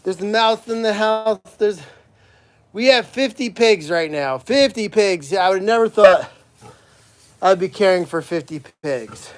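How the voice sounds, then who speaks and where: Working alone outdoors among the pig pens at an animal sanctuary, a man chats to a live stream as he moves around caring for the animals. His voice sits high with lively intonation and an unhurried pace, with no room sound, and he calls and coaxes the pigs in a sing-song way.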